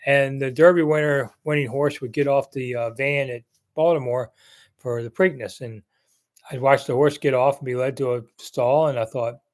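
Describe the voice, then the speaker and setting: This sports live chat is hosted by a man in his sixties from around Maryland, who rambles chattily with jokey asides while answering viewers in casual conversation. He speaks at normal speed in a medium pitch with fairly even intonation.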